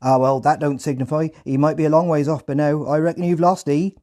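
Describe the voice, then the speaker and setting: A man putting on a gruff Hampshire farmhand. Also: on the high side, fairly quick, pitched above the performer's own voice, close to an everyday voice. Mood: gruff musing. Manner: broad rustic dialect, excited calling out. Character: gruff rural English farmhand, grown man, blunt.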